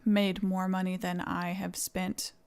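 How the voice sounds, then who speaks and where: A woman's voice: on the low side, flat delivery, unhurried, a little mellow, smooth. A young woman from East Tennessee with a Southern accent, chatting casually with viewers on a live stream and thanking them. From East Tennessee, USA.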